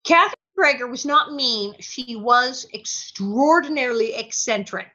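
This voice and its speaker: A woman guest in an interview, telling stories with lots of energy and quick impressions. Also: on the high side, muffled recording. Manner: energetic, bursts into impressions and laughs. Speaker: interview guest, former child actress. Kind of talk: animated storytelling.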